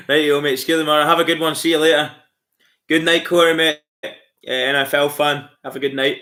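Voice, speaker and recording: Scottish male streamer, bright and forward tone, easygoing chat with his viewers. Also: a little high, fairly even intonation, moderate pace. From Scotland. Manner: friendly and chatty, calls viewers mate, laughs often. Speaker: livestream host. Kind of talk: casual chat reading out viewer comments.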